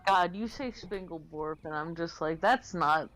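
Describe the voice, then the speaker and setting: A woman's voice: on the low side, normal speed, slight background noise. A woman chatting casually on a game stream, playful and jokey. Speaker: stream co-host. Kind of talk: casual gaming chat.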